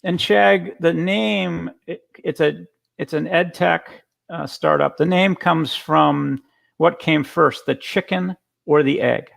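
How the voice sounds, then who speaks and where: A man's voice: a little high, takes it slowly, gravelly, a bit bright. A man giving a casual conference talk over a video call, telling stories with frequent restarts. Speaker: guest speaker.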